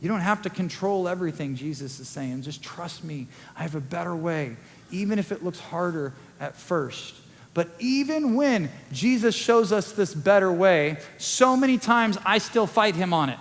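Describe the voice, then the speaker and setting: A male pastor preaching a sermon in a conversational way, acting out quick quoted asides. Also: sits high, expressive, a little hiss or hum. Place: church sanctuary. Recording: long church hall reverb.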